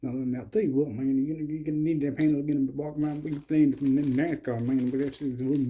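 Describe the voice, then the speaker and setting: A man's voice: on the high side, steady tone, fast, hardly any pauses, mellow, slight background noise. A young man doing playful, comic commentary while unboxing lock picks, sometimes slipping into a mock Russian persona.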